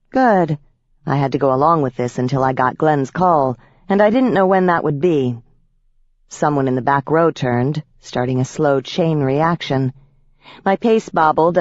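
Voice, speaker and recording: A woman narrating a first-person audiobook with a wry, lively storytelling manner. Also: deep voice, dry recording, dull audio.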